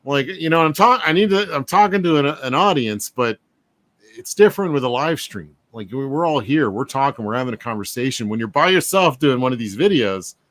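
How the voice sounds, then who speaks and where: A man hosting a casual chat, relaxed and reflective, chuckling often. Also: medium pitch, fairly quick, no echo.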